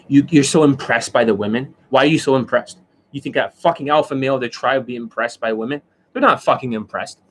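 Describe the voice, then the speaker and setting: A man in the role of a dating coach, talking live to his viewers in a combative, swearing rant. He mocks others openly and keeps breaking off to demonstrate, asking whether you see it. His voice sits at an ordinary middle pitch for a man. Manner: profane, combative, mocking. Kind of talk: livestream rant.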